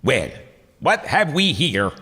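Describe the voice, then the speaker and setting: A man voicing a kindly, brisk giant woman who talks in a chiding, motherly way, heard live in a concert hall with an orchestra behind. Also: mid-range voice, sing-song, pushed and bright, heavily acted.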